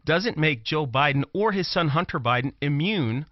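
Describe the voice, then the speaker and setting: Here a Brooklyn-born commentator and former prosecutor makes his political case on a talk show, stressing words and circling back to the same phrases. His voice is on the high side with lively intonation and a normal pace, recorded dull, lo-fi and dry without room sound.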